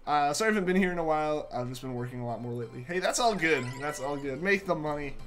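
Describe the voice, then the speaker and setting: Animated and quick, the young man's slightly bright, high-side voice carries his casual gaming-stream chatter with viewers. He tends to repeat himself, and congestion lingers from a sore throat.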